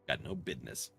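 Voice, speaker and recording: Casting: lively, bright-voiced guy streaming a game, jokey and profane, soft game music behind. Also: a bass voice, gravelly. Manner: jokey, swears often, laughs a lot. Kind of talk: casual live-stream commentary.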